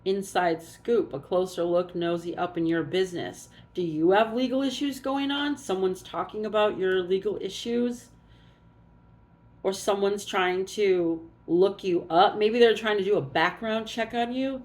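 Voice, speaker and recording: Slow, musing woman reading oracle cards. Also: mid-range voice, a little mellow. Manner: musing aloud, unhurried, thinking as she goes. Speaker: oracle card reader. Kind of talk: casual card reading.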